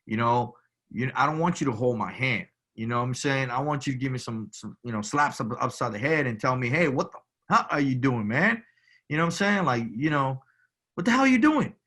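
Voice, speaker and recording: A man from Cuba, a veteran guest, talking in a halting, casual way full of restarts and "you know". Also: medium pitch, fairly bright tone. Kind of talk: casual conversation.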